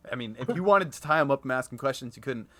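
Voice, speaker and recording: Bright, chatty man running the game. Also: mid-range voice, animated, no echo. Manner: quick, chatty, laughs often. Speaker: dungeon master.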